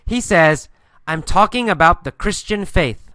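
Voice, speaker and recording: A man teaching an English listening lesson, telling a mini story and repeating each line slowly and clearly for learners. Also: sits high, expressive, pushed and bright, no echo, studio quality. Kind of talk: guided story narration with instructions.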